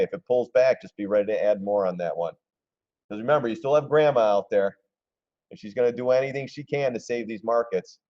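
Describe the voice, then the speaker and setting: A man hosting a casual live stream, commenting on stock charts in an excitable, gleeful way and often clearing his throat. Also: medium pitch, dull audio. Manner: excitable, gleeful when shorts pay off, throws in mocking voices.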